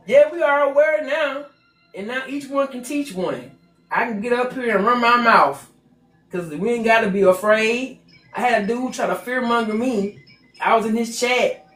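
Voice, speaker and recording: A woman hosting a livestream, ranting bluntly and with lots of swearing into a phone on a stand. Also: a little high. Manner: blunt, profane, fired-up. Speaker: livestream host. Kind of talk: heated livestream rant. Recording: echoey room with faint music.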